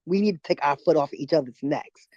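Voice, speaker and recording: A woman's voice: low voice, a little fast, warm tone, dry recording, dull audio. A middle-aged woman from New York City, calling into an online audio chat room and ranting with emotion, blunt and profane, stumbling over restarts. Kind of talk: emotional impromptu rant.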